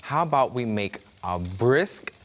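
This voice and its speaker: A man's voice: mid-range voice, sing-song, unhurried. A man from Brooklyn with a Brooklyn accent, hosting a cooking demonstration in a chatty, joking way with food sizzling behind him. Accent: New York (Brooklyn). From Brooklyn, New York. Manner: chatty, jokey storyteller, acts out voices in anecdotes. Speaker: cooking show host. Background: food sizzling in a pan.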